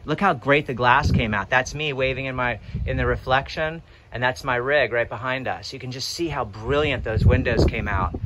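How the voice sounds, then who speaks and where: A man's voice: medium pitch, normal speed, few pauses, fairly bright tone, a little hiss or hum. Chatty man filming an outdoor walkthrough. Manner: filming himself while walking around a house; chatty, plain-spoken, many ums and uhs. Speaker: pressure washing business owner. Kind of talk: casual walkthrough vlog. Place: outdoors at a house.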